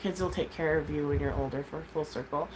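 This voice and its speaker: A woman in her thirties talking candidly to her livestream viewers, rambling from thought to thought and swearing freely. Her voice sits a little low, with a faint hiss of background noise behind it. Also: fairly even intonation, a little fast. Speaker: livestream host, mom. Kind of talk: casual livestream chat.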